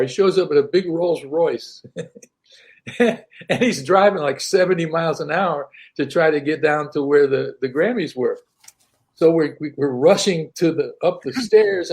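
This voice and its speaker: An older man, a singer-songwriter, telling stories casually as an interview guest, animated, laughing often and repeating words. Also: on the high side. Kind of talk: casual storytelling.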